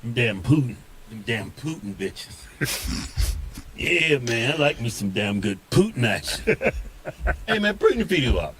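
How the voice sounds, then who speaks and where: A man's voice: mid-range voice, very animated, moderate pace, a bit bright, a little hiss or hum. A man co-hosting in casual banter, blunt and brash, cutting in on others. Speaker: co-host.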